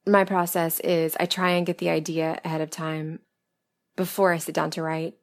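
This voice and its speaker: Woman from the American South, lowish voice, a little hoarse, candid and chatty, casual Q&A monologue. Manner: chatty and candid, laughing softly, self-deprecating. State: losing her voice. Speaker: audio script writer and performer answering listener questions. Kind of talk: casual interview-style Q&A monologue.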